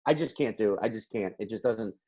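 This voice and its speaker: A man co-hosting a podcast in casual chat, talking in an animated, profane and self-mocking way. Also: on the low side, quick pace. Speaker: podcast co-host.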